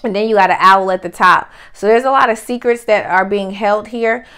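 A woman's voice: mid-range voice, brisk, fairly bright tone, smooth. A woman giving a casual tarot reading, blunt and profane with lots of slang. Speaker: tarot reader.

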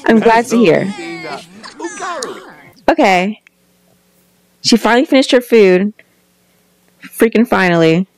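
A woman's voice: mid-range voice, slow, pauses often. A young woman giving casual, chatty commentary on a life-simulation game, exclaiming often and voicing what the characters think. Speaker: gameplay vlogger.

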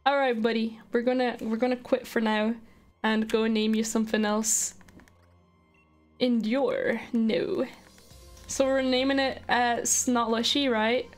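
A high-pitched woman streaming a game live, bubbly and excitable, answering her chat between squeals of delight. Soft music plays underneath her voice. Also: measured pace. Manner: gushing, excitable, talks to chat viewers. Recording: faint background music.

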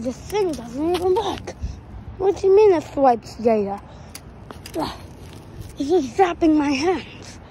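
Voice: mid-range voice, a little mellow, a little hiss or hum, rough recording. A performer voicing a grumpy young loner who tinkers with drones, talking through a voice changer in a British accent with a lisp, half-whispering and grumbling to himself. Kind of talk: muttered solo role-play. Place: outdoors in woods.

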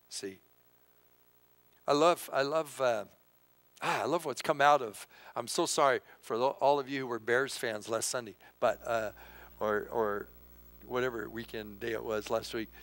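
Male pastor, lively church preaching, bright forceful tone. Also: medium pitch, measured pace, pauses often, poor audio. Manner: animated preaching with rhetorical questions. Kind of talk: sermon. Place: church sanctuary.

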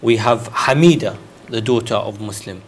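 A man hosting a religious talk show, speaking in a measured way with hesitant pauses and fillers. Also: lowish voice, slight background noise. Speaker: host.

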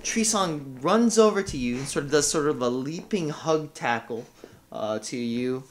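A man's voice: on the high side, expressive, normal speed, slight background noise. A man running a tabletop game as game master, narrating hesitantly with lots of "sort of" and "uh".

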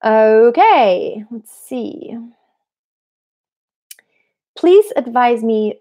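A woman vocal coach answering viewer questions in a relaxed, explanatory way, breaking into short sung examples. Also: mid-range voice. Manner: explanatory, demonstrates with sung snippets.

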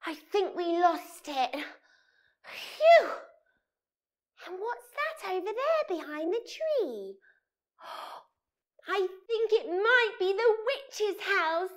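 A woman's voice: very high-pitched, big pitch swings, drawn-out words, pauses often. Wide-eyed woman telling a kids' story. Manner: wide-eyed, theatrical, full of gasps and exclamations. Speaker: children's yoga storyteller. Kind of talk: interactive children's story session.

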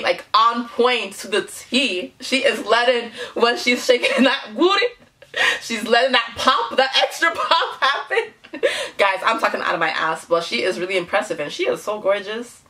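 A woman chatting to her viewers in a reaction vlog, bubbly and giggly, with a gushing run of exclamations. Her voice sits fairly high and swings widely up and down. The tone is bright and tense. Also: expressive, normal speed, slight background noise. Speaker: YouTube reaction host. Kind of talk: casual reaction vlog chat.

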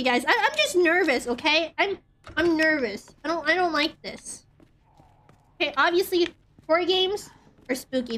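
Rambling, jumpy high-voiced woman streamer. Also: a bit bright, slight background noise. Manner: rambling, nervous, swears often, frequent "like". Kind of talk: casual gameplay commentary.

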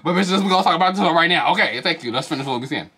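A man reviewing a reality show in a casual vlog, with animated, profane gossip and frequent swearing. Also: racing, slightly rough. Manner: slips into high, put-on falsetto for quoted reactions.

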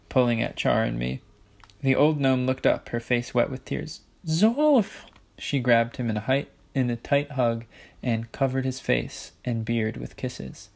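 A man's voice: medium pitch, flat delivery, unhurried, gravelly. A man casually reading a novel aloud, with offhand, jokey asides. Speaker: audiobook reader.

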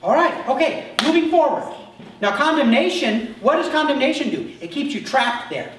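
A male pastor delivering a sermon, emphatic, dropping to soft asides and then rising sharply. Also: extremely high pitch, very animated, brisk. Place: church sanctuary. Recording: echoey church hall from far off.

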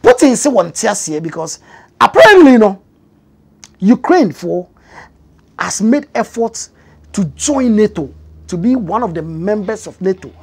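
Husky Ghanaian-accented woman explaining news. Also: medium pitch, sing-song, unhurried, long pauses, darkish tone. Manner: conversational with many fillers, rising emphatic stretches. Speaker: news commentator. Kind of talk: explanatory commentary mixing English and Twi.

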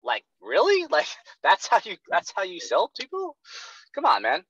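A man's voice: high-pitched, huge pitch swings, normal speed, pushed and bright, breathy edge, no room sound, dull audio. Blunt, profane male sales coach. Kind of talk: blunt coaching role-play session.

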